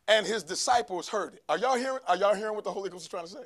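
A man preaching a sermon to a church congregation, calling for responses from the crowd and rising to shouts. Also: high-pitched, very fast, hardly any pauses. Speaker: pastor. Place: church sanctuary.

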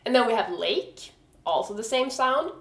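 A native Swedish woman with a Swedish accent explains pronunciation in a casual video lesson, full of frank, swearing, exasperated humor. Her voice is on the high side and animated at a normal speed, in a reverberant space with a little hiss or hum.

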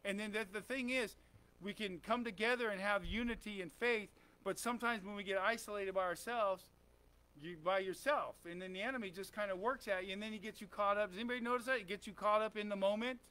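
A man's voice: sits high, fairly quick, sharp tone, smooth. A man preaching a conversational sermon in a church, often asking the congregation questions and saying "amen.". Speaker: pastor.

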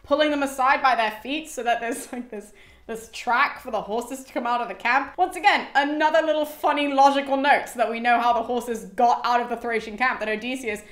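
A woman hosting an educational series, retelling an ancient epic in a chatty, animated way, full of "like" and quick asides. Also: a little high. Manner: chatty and animated, heavy use of "like", frequent laughter. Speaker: host of an educational classics series. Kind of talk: casual explanatory retelling. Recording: roomy echo.

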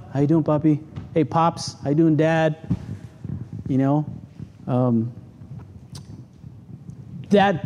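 A middle-aged man, a pastor, preaching a sermon in a church and telling stories with sudden animated outbursts. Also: high voice, slight background noise. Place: church sanctuary.

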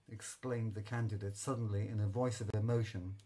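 A man's voice: fairly low pitch, flat delivery, dark tone, husky, low-quality recording. Man reading a classic story aloud. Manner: measured, literary reading. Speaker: audiobook reader. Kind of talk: scripted narration.

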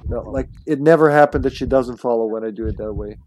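A man's voice: mid-range voice, quick pace, a little mellow, a little hiss or hum. A man streaming a video game, joking, swearing and talking to his teammates in casual commentary.

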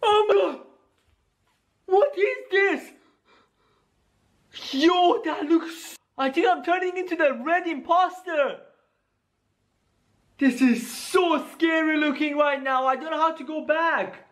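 A man acting out a scripted gaming skit, talking excitedly to his viewers and exclaiming. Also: very high-pitched, takes it slowly, long pauses. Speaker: gaming comedy YouTuber.

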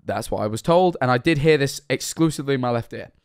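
A man in his twenties talks in a mid-pitched voice, audibly tipsy. He rambles through his stories, swinging from loud, high outbursts to hushed, near-whispered asides. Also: animated, fast talker, clean tone. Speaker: streamer. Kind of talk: casual live-stream chat.

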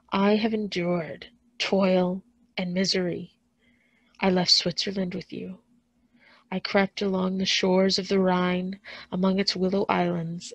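A woman's voice: creaky, slightly rough, no room sound, exaggerated voice. A woman voicing a smothered, vengeful monster. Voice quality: smothered, low and hushed. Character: wretched vengeful giant male creature. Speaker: school librarian.

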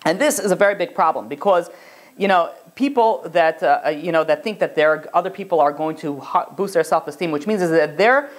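Fast-talking rabbi giving a class. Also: male voice, high-pitched. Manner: animated, acts out quoted voices, many restarts. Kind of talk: Torah class lecture.

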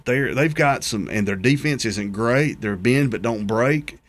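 A man's voice: medium pitch, a little slow, slight background noise. Laid-back male sports co-host. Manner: laid-back, confident opinions with slang. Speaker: sports talk show co-host. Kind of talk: casual sports chat.

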